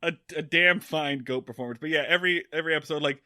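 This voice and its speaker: A man co-hosting a comedy podcast, talking excitedly in casual chat and swearing freely. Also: on the high side, fast talker, clean tone, dry recording, studio quality. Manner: excitable, swearing, jumps into silly quotes. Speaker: podcast co-host.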